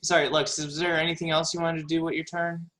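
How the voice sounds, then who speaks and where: A man narrating a tabletop game as game master, unhurried and full of fillers. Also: on the high side, level tone, sharp tone, poor audio.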